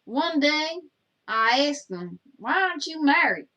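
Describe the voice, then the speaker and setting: A woman's voice: sits high, a little slow, lo-fi sound, heavily acted. A woman playing Daisy, a sassy, bossy Southern woman with a Southern US accent, co-hosting a comedy show and teasing her partner while reading viewer comments. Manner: scolding, bossy, animated storytelling. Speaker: co-host.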